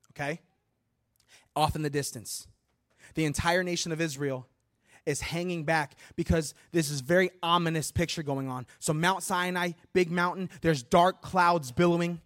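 High-voiced, animated male preacher. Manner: animated, humorous, conversational preaching. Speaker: guest preacher. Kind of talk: sermon. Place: church.

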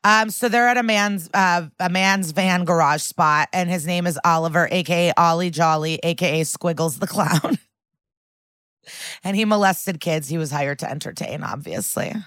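A woman co-hosting a podcast talks through a TV episode in loose, chatty fashion. Her voice sits on the low side, and she keeps filling her sentences with "like" and "um." The sound is close and dry. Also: normal speed, a bit bright, clear, resonant tone, dry recording. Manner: chatty, lots of "like" and "um", acts out quotes. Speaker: podcast co-host. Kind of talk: casual recap chat.

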